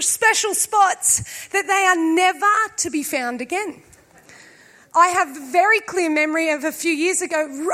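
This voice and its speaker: High-voiced woman preaching a sermon. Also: sharp tone. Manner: conversational and humorous, with slow emphatic pauses. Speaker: pastor.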